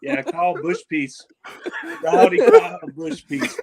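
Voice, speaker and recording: A man's voice: a little high, a little slow, crowd noise, close to an everyday voice. A man voicing a boastful Australian fisherman persona with a put-on Australian accent, talking with cocky swagger. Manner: cocky, swaggering, full of bluster. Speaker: guest. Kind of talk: comedic character bit.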